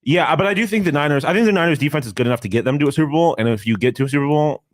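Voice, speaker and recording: A man co-hosting a sports show in casual chat, animated and loose, with casual swearing. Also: fairly high pitch, rapid-fire, no room sound. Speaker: co-host.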